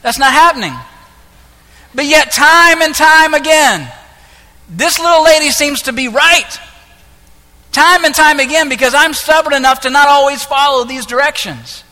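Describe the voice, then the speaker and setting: A man preaching a sermon as pastor, impassioned, moving between hushed lines and loud ones. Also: very high voice, animated, moderate pace. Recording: echoey hall with long reverb.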